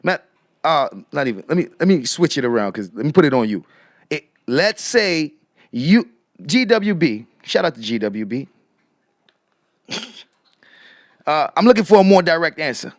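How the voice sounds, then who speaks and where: Animated man posing rhetorical questions. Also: fairly high pitch, moderate pace, pauses often, no room sound, clean studio sound. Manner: repeats rhetorical questions to viewers; shouts out chat viewers. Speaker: commentary streamer. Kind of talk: casual live commentary.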